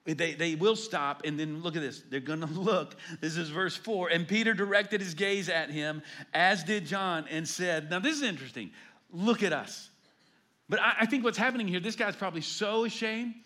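A man, a pastor preaching a sermon, telling stories and swinging between loud emphasis and hushed asides. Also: sits high, normal speed.

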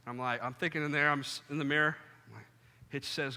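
A young man preaching a sermon, telling funny stories and acting out scenes with sudden loud outbursts. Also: on the high side, very fast. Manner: animated, jokey, acts out scenes with sudden loud bursts. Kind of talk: sermon with storytelling. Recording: long hall reverb.

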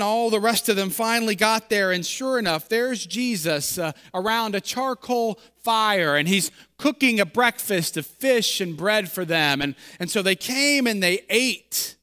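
A man's voice: high-pitched, sharp tone. A man preaching as a pastor, reading scripture, praying, then retelling the story in a loose, conversational way with fillers and repeated words. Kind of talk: sermon with scripture reading and prayer. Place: church sanctuary. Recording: long church reverb.

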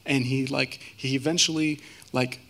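A man giving a personal testimony as a guest speaker, earnest and halting, with many fillers and restarts. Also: medium pitch, fairly even intonation, bright, forceful tone.

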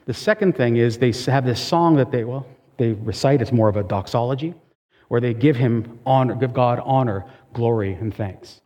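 A man's voice: medium pitch, normal speed, darkish tone, highs cut off. Man preaching in a reverberant hall. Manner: conversational preaching, emphatic asides. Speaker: pastor. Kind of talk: sermon.

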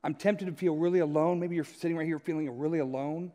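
A male pastor with a notably high voice gives a relaxed, story-driven sermon. He keeps turning to the listeners with a quick "right?". His voice rings out with a long church-hall reverb. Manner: storytelling, often checks in with "right?". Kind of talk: conversational sermon.

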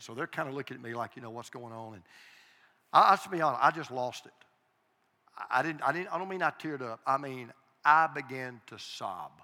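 A man's voice: medium pitch, fairly quick, pushed and bright. An older man, a pastor, preaching a sermon in a church with earnest, confessional storytelling and emphatic repetition. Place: church sanctuary. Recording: long hall reverb.

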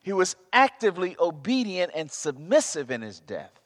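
A man's voice: high voice, big pitch swings, normal speed, fairly bright tone. A man preaching a sermon, emphatic and prone to repeating himself as he searches for words. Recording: long reverb of a large hall.

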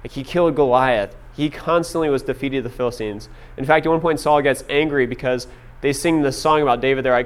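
A man's voice: mid-range voice, fairly quick, smooth. A young man preaching a casual sermon, telling stories with lots of filler words. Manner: casual storytelling with many fillers. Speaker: pastor.

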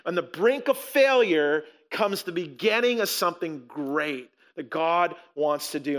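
High-voiced man preaching a sermon. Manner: emphatic, repeats phrases, swings between loud and hushed. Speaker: pastor.

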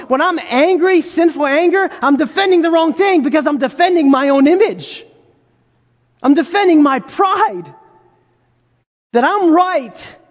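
A man preaches with a strikingly high voice, talking to his congregation casually and firing rhetorical questions at them. His voice rings out with the long reverb of a large hall. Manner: conversational, rhetorical questions, acts out quoted voices. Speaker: pastor. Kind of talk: sermon.

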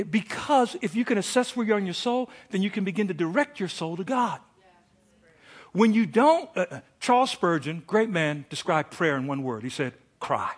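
Brief: middle-aged male pastor, high voice, animated sermon storyteller, drops to a hush then rises to a shout.

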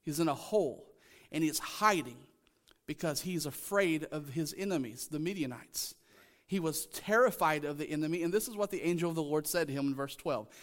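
A man's voice: a little high, brisk. A male pastor preaching a sermon, emphatic and repeating his key lines to the congregation.

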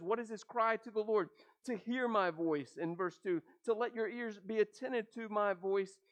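A pastor preaches a sermon, posing rhetorical questions and letting his voice drop low at the ends of phrases.

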